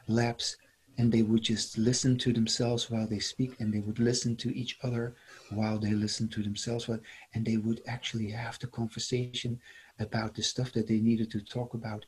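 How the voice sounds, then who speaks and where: A man's voice: mid-range voice, darkish tone, breathy edge. A middle-aged man from the Netherlands, talking in a reflective interview, musing and repeating his phrases. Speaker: interview guest, former seminar leader.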